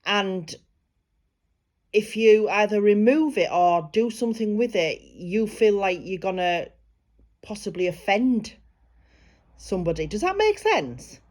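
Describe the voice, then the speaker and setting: A woman working as a psychic medium, giving a private reading in a gentle, reassuring way and relaying spirit messages. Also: medium pitch, animated, unhurried, long pauses.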